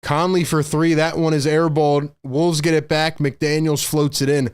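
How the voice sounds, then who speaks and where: An excitable young man calls a basketball game live for his stream audience. His voice sits a little high, and he sounds breathless, jumping between quick play-by-play and chatty asides to viewers. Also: smooth. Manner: excitable, breathless, talks straight to chat.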